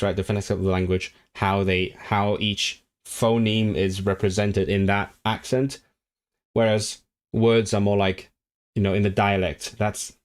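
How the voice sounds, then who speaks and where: A man from Hong Kong hosting a language livestream, reading viewer comments aloud and rambling through his replies with many restarts. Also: on the low side. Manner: rambling, self-correcting, reads viewer comments aloud and responds animatedly.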